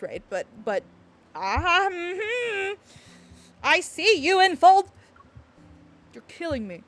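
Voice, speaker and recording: A woman streaming, chatting excitedly and rambling, with frequent laughs and apologies. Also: very high voice, takes it slowly, pauses often. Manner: gestures and hits the desk when excited. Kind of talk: excited livestream chat reacting to a game. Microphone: desk mic picking up thumps.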